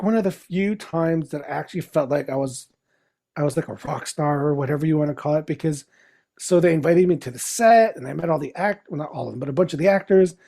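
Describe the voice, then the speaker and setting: A middle-aged man with a notably high voice for a man, telling stories in a casual podcast chat. He is animated and laughs often, slipping into other people's lines as he goes. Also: creaky. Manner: animated, laughing storyteller who acts out quotes. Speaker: podcast guest, comic writer. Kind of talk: casual anecdotal storytelling.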